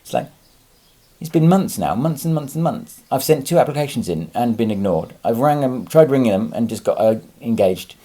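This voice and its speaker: In a casual vlog monologue, a lorry driver talks to camera, rambling, using fillers and restarts, and cursing freely once he's angry. His voice is medium-pitched with a dark tone and lively intonation, at normal speed.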